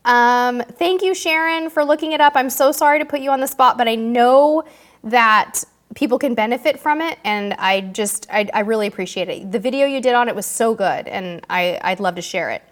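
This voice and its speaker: Chatty woman host, slightly high-pitched, warm and bubbly, reading out viewer questions. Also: moderate pace. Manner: bubbly, chatty, emotional, self-deprecating.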